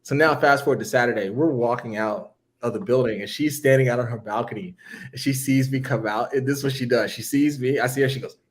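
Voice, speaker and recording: A man casually telling a long story on a podcast, acting out what people said with big jumps in his voice. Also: quick pace. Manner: animated, acts out quotes with big pitch jumps.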